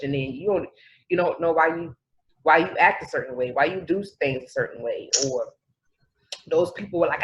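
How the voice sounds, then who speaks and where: A woman co-hosting a podcast in casual chat, talking in an animated way and often trailing off and restarting. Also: low voice, moderate pace, dull audio, slight background noise. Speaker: podcast co-host.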